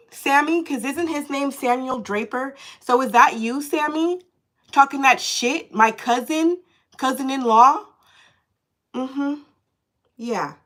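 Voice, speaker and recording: A woman tarot reader talking live into her phone, animated and indignant, cursing freely as she vents. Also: on the high side. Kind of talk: live-streamed tarot chat.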